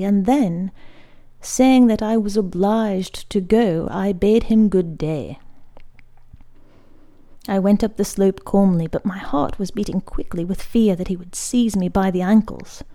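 A woman narrates a literary short story in a measured, unhurried reading. Her voice is mellow and warm, with a gravelly rasp at the bottom of it. At quieter moments she sinks to a hushed near-whisper. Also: mid-range voice. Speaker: audiobook reader.

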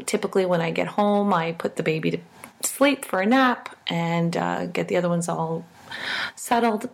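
A middle-aged woman telling a personal story in an earnest, halting way, with fillers and restarts. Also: fairly low pitch, creaky.

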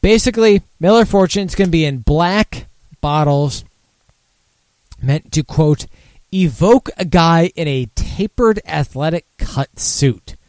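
A man's voice: a little high, expressive, slow pace, darkish tone, no echo. A drunk man hosting a casual beer talk show, rambling, swearing and losing his thread. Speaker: podcast host.

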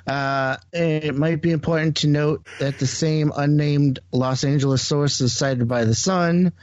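A man's voice: on the high side, steady tone, a little slow. A man with a French-Canadian accent hosting a podcast, reading a news article aloud with stumbles and laughs. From Quebec. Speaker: podcast host. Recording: slightly muffled dry audio.

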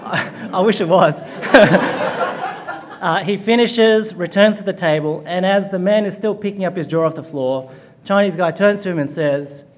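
A man preaching at a chapel service, his voice sitting a little higher than most men's. He opens with a humorous story, then moves into a sermon. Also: normal speed, background noise.

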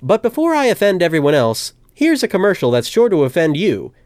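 Animated joking male podcast host. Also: sits high, a little fast, dry recording, clean studio sound. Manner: wry, animated, jokey. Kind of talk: comedic casual chat.

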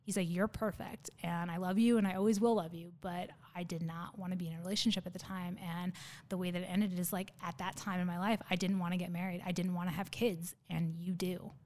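A woman's voice: on the low side, steady tone, fairly quick, a little mellow. A woman in her thirties, a podcast guest, telling a personal story in a nervous, rambling way with many fillers and restarts. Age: 30s.

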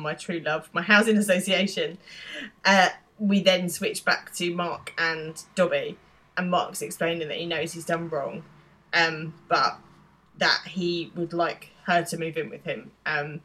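A woman with a lower voice chats on a podcast, retelling a TV episode. She fills with ums and yeahs and laughs easily. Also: sharp tone. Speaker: podcast co-host. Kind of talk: casual chat recapping a TV episode.

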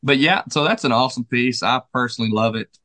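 The co-owner of a furniture store moves casually through the showroom, pitching pieces in a warm, relaxed way. He speaks quickly at a medium pitch, and there's no echo.

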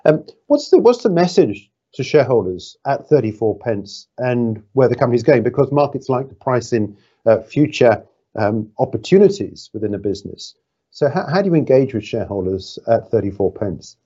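A man's voice: mid-range voice, big pitch swings, moderate pace, mellow, breathy edge, lo-fi sound. A man interviewing a business executive, asking probing questions in a conversational way with some hesitant fillers.

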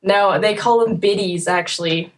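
A woman's voice: mid-range voice, normal speed. A woman from the United States co-hosting a podcast in casual chat, chatty and laughing often. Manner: chatty, laughs often, quotes people in lively voices. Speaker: podcast co-host.

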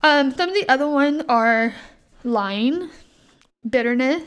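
A woman's voice: high voice, animated, slow, smooth. A young woman co-hosting a casual Bible study chat, talking in a loose way with fillers and easy laughs. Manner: chatty, many fillers, laughs easily. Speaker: podcast co-host.

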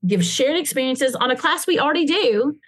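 A woman who leads children's ministry, talking on a podcast and telling stories with lively acted-out quotes. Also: high voice, brisk, no room sound. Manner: animated storyteller, acts out kids and parents in quoted voices. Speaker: children's ministry leader, guest. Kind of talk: casual podcast conversation.

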